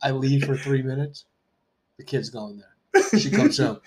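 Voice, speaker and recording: A man in casual chat, ranting in an animated, mock-angry way and swearing often. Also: mid-range voice, a little slow.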